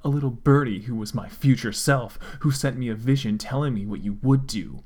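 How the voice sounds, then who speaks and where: A man voicing an edgy, hot-headed young male hedgehog warrior with loud, overblown outbursts. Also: mid-range voice, fairly quick, natural voice. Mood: smug.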